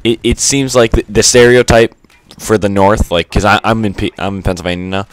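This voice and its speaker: A man's voice: fairly low pitch, fairly even intonation, a little fast, smooth, dry recording. A man giving unscripted gameplay commentary, rambling and stuttery with lots of fillers and casual swearing. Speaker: gaming commentator.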